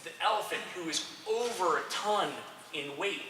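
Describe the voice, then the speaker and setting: A man coaching young soccer players, giving an energetic, direct motivational talk to a group and checking in with frequent "okay"s. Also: high-pitched, normal speed. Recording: roomy echo, distant mic, faint noise.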